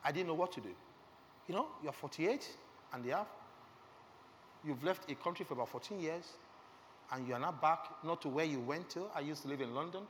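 A middle-aged Nigerian preacher with a fairly high, fairly bright voice speaks fairly quickly, with long pauses, in a reverberant hall with faint background noise. He earnestly tells an emotional testimony during a sermon, checking in with listeners by asking them questions.

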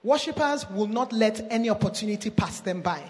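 A woman preaching a sermon, reading scripture aloud with small stumbles and slowing down to stress her points. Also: medium pitch, expressive, darkish tone. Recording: long reverb of a large hall.

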